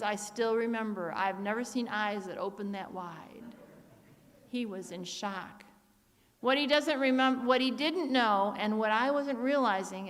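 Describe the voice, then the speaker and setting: A woman's voice: fairly high pitch, fairly bright tone. A middle-aged woman giving a sermon, telling family stories and reading Bible verses aloud. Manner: storytelling, acts out family voices, reads verses aloud. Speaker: speaker at church. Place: church sanctuary. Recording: church hall reverb.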